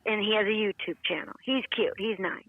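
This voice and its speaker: A woman's voice: mid-range voice, brisk, narrow, tinny audio. A woman guest, a former assistant, chatting cheerfully and laughing. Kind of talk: casual chat.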